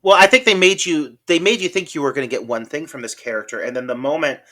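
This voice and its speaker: A man's voice: on the high side, fast talker, sharp tone. A man on a film podcast, gushing enthusiastically about scenes and laughing often. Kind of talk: casual film discussion.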